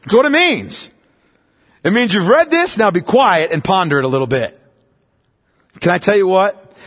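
A male pastor with a high, husky voice delivers an emphatic sermon. He presses his points hard, then drops low and hushed for stress. The sound rings with a long hall reverb, as from a church sanctuary. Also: big pitch swings, moderate pace, long pauses. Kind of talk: expository sermon.

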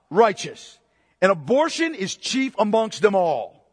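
A man's voice: high voice, big pitch swings, measured pace, breathy edge, no room sound, studio quality, in a large hall. A man preaching a sermon, emphatic, repeating phrases for stress and asking the congregation questions. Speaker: pastor.

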